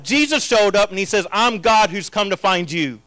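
A man preaching a sermon as pastor, his delivery swinging between hushed, intimate lines and loud, impassioned proclamations. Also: high voice, lively intonation, moderate pace, hardly any pauses, no echo.

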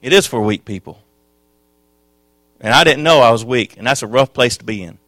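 A man preaching a sermon, telling his own testimony with passion, dropping to a hush and then rising loud. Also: medium pitch, lively intonation, normal speed, no room sound. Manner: impassioned, swings from hushed to loud.

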